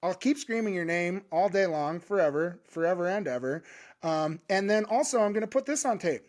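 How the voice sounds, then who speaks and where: A man co-hosting a podcast in casual chat, loud and joking, with a lot of swearing. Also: sits high, animated, fairly quick. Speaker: podcast co-host. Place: home podcast studio.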